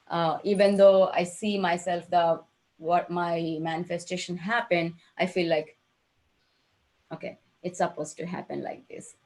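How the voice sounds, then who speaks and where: Halting, emotional woman on a video call. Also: fairly low pitch, darkish tone. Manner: halting, emotional, many fillers and restarts. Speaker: program participant.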